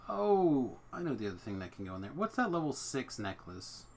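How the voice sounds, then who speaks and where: A man's voice: lowish voice, very animated, fast talker, a bit bright, a little hiss or hum. A man hosting a game stream from home, chatting casually and thinking aloud as he plays. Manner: rambling, thinks aloud about his setup. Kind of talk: casual chat while gaming.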